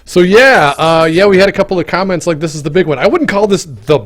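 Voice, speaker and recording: A man's voice: high-pitched, quick pace, a bit bright. Rambling man hosting a livestream. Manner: rambling, full of fillers and restarts. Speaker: game developer hosting a livestream. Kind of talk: casual livestream chat.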